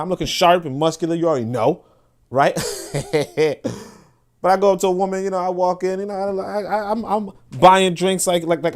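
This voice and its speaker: A man hosting a podcast, talking in an animated, casual way with frequent restarts and asides to listeners. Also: fairly high pitch. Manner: laughs and asks listeners for agreement. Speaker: podcast host. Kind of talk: casual monologue.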